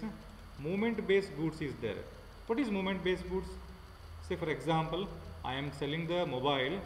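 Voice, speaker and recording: A man with an Indian English accent teaching an online class, talking haltingly with many fillers and repeating himself. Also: fairly high pitch, echoey room, long reverb tail, a little hiss or hum, poor audio. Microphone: computer mic without headphone.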